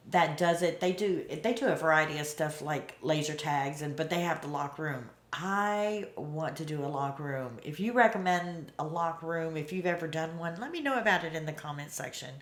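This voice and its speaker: Woman, casual reaction commentary, very low voice, echoey room. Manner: chatty, thinking aloud with restarts. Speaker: reaction video host.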